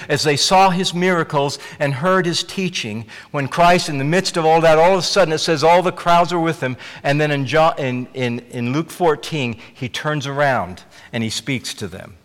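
A man preaches with earnest emphasis, his voice sitting a little higher than most men's. He often stops and restarts his phrases as he presses his point. His words ring out with a long reverb from the hall around him. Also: fairly bright tone. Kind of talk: sermon.

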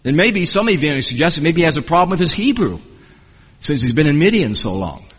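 A man preaching an expository sermon in an earnest, measured teaching manner, often restarting his phrases. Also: on the high side, sing-song, fairly bright tone, breathy edge. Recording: long reverb of a hall.

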